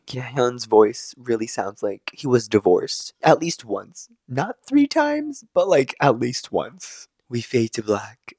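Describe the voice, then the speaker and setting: A man giving an opinionated, sarcastic casual recap of a competition show, now and then jumping up high to exclaim. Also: gravelly, darkish tone, dry recording, clean studio sound.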